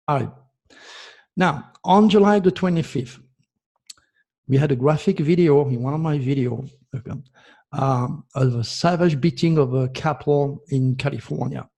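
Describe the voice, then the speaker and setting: Host, male, fiery ranting monologue, raised pitch, gravelly and husky tone. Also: animated, takes it slowly, pauses often, a little mellow. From France. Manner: passionate, ranting, emotional. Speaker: astrology show host. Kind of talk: impassioned video monologue.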